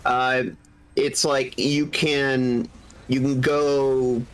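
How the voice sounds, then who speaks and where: A man with a husky voice from a cold, chatting casually and eagerly explaining game lore while streaming. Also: medium pitch, level tone, very slow, poor audio. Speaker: gaming streamer. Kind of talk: casual gaming stream chat.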